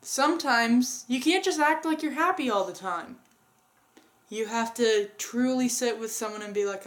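A woman's voice: a little high, moderate pace, fairly bright tone. A woman co-hosting a casual movie review, earnestly retelling the plot step by step.

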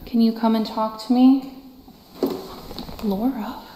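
In a large, echoey old building, a female paranormal investigator whispers her emotional reactions to the camera as she explores. Her medium-pitched, gravelly voice is flat and moderately paced, hushed and punctuated by swearing, with slight background noise.

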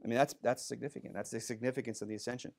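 A man's voice: medium pitch, steady tone, rapid-fire, creaky, darkish tone. A male pastor preaching a sermon, talking plainly to the congregation and raising his voice for Bible readings.

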